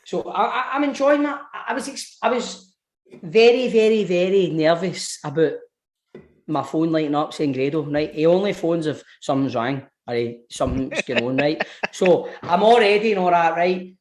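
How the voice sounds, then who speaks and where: A man's voice: a little high, expressive, moderate pace. A man with a Scottish accent, co-hosting a podcast, telling a story in casual chat. He swears freely and laughs through his own tales. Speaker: podcast co-host.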